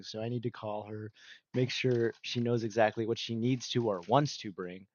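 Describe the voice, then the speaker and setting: A man's voice: medium pitch, fairly even intonation, moderate pace, a little mellow, no room sound, muffled recording. A man chatting casually with his stream viewers, rambling and laughing often. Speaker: livestreamer. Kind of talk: casual livestream chat with viewers.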